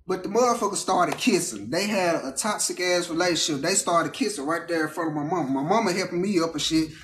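A man casually telling a true story, animated and profane, acting out the people in it. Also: high-pitched, reverberant.

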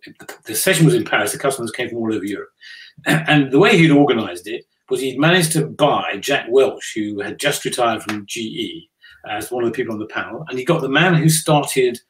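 A man's voice: medium pitch, lively intonation, fairly quick, rough recording. Older man telling a business anecdote. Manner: anecdotal, dry self-deprecating humor, frequent restarts. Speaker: business leader guest. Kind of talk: conversational interview storytelling.

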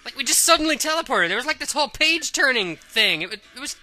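A woman hosting a let's play, making excitable, jokey, slangy gameplay commentary. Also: high voice, fast talker, soft background music.

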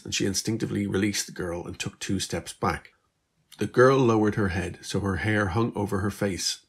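A man reading his own story aloud in a steady, measured storybook narration. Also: fairly low pitch, gravelly, slightly rough.

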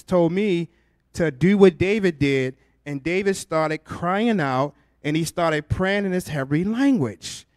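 A man preaching with a high, light voice and growing fervor, moving from testimony into impassioned prayer. The sound is dry and close, with no room echo. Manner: fervent, rising to impassioned prayer. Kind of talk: sermon with testimony and reading.

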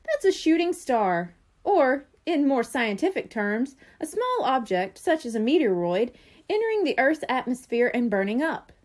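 A woman's voice: sits high, sing-song, normal speed. A woman voicing a brainy, know-it-all young boy bear who lectures in a precise, prim way in a storybook reading.

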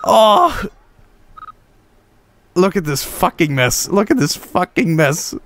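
A man streaming a video game with casual commentary, profane and excitable, often cracking up laughing. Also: on the high side, moderate pace.

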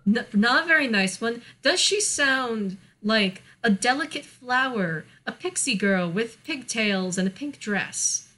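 Bright, chatty American woman. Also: fairly high pitch, lively intonation, unhurried, few pauses. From United States. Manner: chatty, lots of fillers, laughs often. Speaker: podcast co-host. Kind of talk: casual chat.

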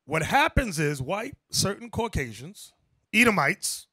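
A high-voiced man preaching with a wildly swinging pitch and a lot of energy. He keeps calling out for the next scripture and acts out how people react. His voice is close and dry, with hardly any room sound. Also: very animated, measured pace, sharp tone, breathy edge, no room sound. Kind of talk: lively sermon to a class.

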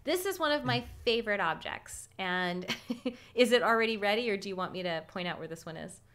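A woman from California hosting an astronomy livestream outdoors at night, chatty and quick to laugh. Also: mid-range voice. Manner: chatty, laughs often, lively storytelling. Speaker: astronomy club host. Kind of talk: casual livestream stargazing talk.

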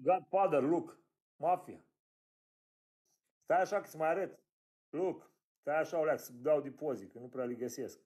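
A man's voice: fairly high pitch, normal speed, pauses often, darkish tone. Romanian man in insistent broken English. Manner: broken English, repeating single words insistently. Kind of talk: casual video chat.

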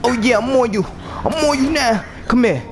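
A man's voice: animated, moderate pace, a little hiss or hum. Goofy slangy young man gaming. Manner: goofy, slangy, jumps between loud outbursts and low mumbles. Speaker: gameplay streamer. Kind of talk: comedic gameplay commentary.

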